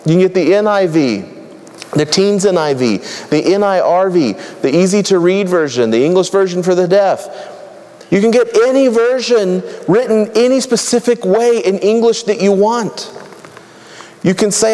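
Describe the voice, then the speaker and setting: A man's voice: high voice, normal speed, a little mellow, long reverb tail. A man preaching a sermon in a conversational, humorous way, rattling off long lists.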